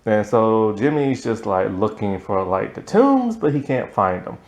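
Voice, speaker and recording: A man's voice: lowish voice, big pitch swings, unhurried, a little mellow. A man casually reviewing a cartoon episode, rambling with many "like" fillers, sleepy late at night. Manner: rambling, filler-heavy with frequent "like".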